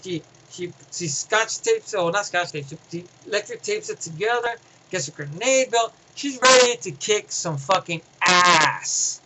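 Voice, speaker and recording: A man giving a casual, rambling film review, excitable and profane, often restarting his sentences. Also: high voice, unhurried, hardly any pauses, husky, rough recording.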